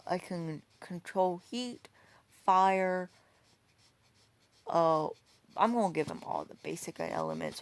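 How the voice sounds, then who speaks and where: A woman's voice: on the low side, creaky, no room sound. A woman casually telling a fan story, rambling and swearing, filling gaps with "you know".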